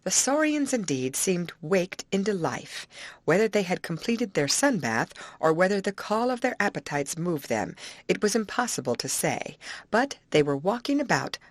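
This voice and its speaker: A woman narrating an old adventure novel aloud in an expressive storytelling manner. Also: fairly low pitch, moderate pace, no echo. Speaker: audiobook reader. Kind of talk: scripted narration.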